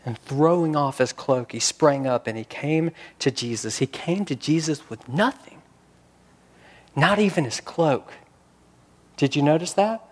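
A man preaches a sermon in a relaxed, conversational way. His voice sits slightly high, and he mixes scripture reading with rhetorical questions. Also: measured pace, big-room sound. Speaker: pastor.

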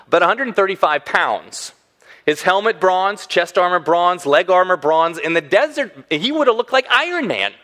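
A pastor preaches a sermon in a fairly high-pitched voice, animated and acting out the voices of those he quotes.

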